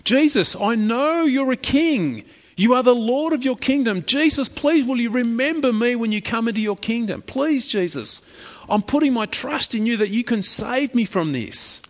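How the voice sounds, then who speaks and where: A man's voice: very high voice, lively intonation, moderate pace, long reverb tail, lo-fi sound, voice pushed up. A man voicing a repentant criminal who speaks earnestly and pleads for mercy. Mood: pleading.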